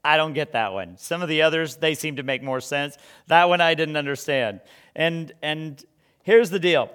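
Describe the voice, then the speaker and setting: A man's voice: fairly high pitch, normal speed, a bit bright, clear, resonant tone. A man preaching a sermon in a conversational way, full of rhetorical questions and stumbling restarts.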